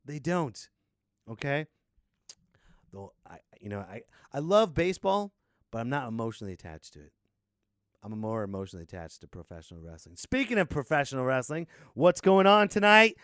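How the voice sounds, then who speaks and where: A man hosting a podcast in a sarcastic, rambling comic rant that swings from low mutters to loud outbursts. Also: very animated, brisk, no room sound, clean studio sound. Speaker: podcast host.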